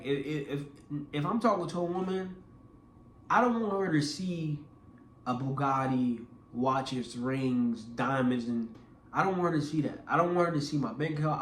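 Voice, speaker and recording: A man's voice: medium pitch, echoey room, a little hiss or hum. A young man telling a personal story casually, acting out voices with lots of restarts. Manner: animated, acts out quoted voices; casual, repeats words and restarts. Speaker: vlogger.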